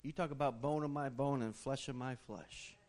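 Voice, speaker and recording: A man preaching a sermon to his congregation, swinging from loud, passionate rises to quiet asides and putting questions straight to the room. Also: mid-range voice, moderate pace. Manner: animated preaching with sudden loud rises and soft drops; asks the congregation questions directly. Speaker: pastor.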